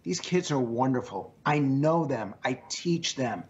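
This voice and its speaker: A man's voice: mid-range voice, lively intonation, measured pace, a little mellow, lo-fi sound. A man speaking as a guest in an interview, earnest and emphatic, with a strained voice, often repeating his phrases. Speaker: pollster guest. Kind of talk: remote interview answers.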